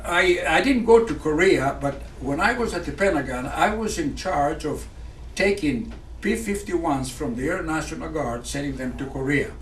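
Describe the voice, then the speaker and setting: A man, a former pilot giving a speech. He talks in halting phrases full of fillers and restarts. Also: on the high side, animated, slight background noise. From Greece. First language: Greek. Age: 90s. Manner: halting, with many fillers and restarts, earnest and patriotic. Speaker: guest speaker, retired fighter pilot. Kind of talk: speech to an audience. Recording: echoey room picked up from far off.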